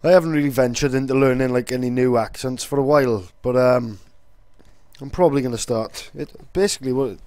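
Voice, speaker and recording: A young man talks in a loose, rambling way and swears offhandedly. His voice sits at a middling pitch. The sound is close and dry. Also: brisk, a little mellow, dry recording. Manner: rambling, laid-back, swears casually. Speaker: vlogger. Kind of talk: casual vlog talk.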